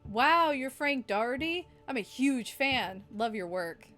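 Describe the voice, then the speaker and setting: A woman's voice: fairly high pitch, expressive, normal speed, a bit bright, soft background music. A woman voicing a young vampire woman who plays dumb with gushing, airheaded talk.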